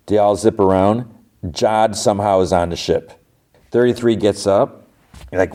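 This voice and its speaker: A podcast host with a fairly low, dark-toned voice speaks at a normal speed. He casually recaps a TV episode, retelling scenes in the characters' quoted voices and using lots of fillers like "like."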